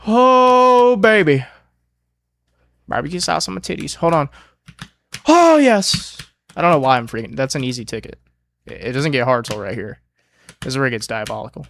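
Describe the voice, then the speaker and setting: A man's voice: medium pitch, fast talker, vocal fry. A man streaming a platformer, swearing and talking himself through his attempts in casual self-talk. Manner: profane, excitable, talks himself through attempts.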